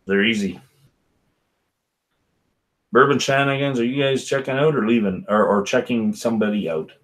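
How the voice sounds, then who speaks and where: A man's voice: medium pitch, moderate pace. Rambling man hosting a whisky livestream. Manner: rambling, chatty, addresses chat viewers by name. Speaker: livestream host. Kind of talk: casual live-stream chat with viewers.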